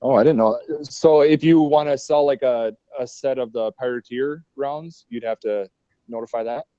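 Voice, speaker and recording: Man, minnesota accent, jokey, questioning, mellow tone, dry lo-fi sound. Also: medium pitch, normal speed, no room sound. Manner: jokey, asks many questions. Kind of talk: casual chat. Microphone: video call.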